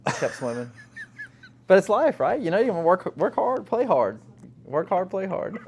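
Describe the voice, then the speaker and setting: A man's voice: high-pitched, normal speed. A man from South Louisiana, telling stories in casual chat and acting out the quotes with lots of laughter. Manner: animated storyteller, acts out quotes in a raised voice, laughs often. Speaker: guest, company owner.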